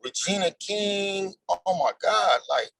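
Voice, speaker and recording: High-voiced man in his forties, slangy. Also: animated, takes it slowly, vocal fry, a bit bright, dry recording, poor audio. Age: 40s. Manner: loose, slangy and emphatic. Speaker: actor guest. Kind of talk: casual interview chat.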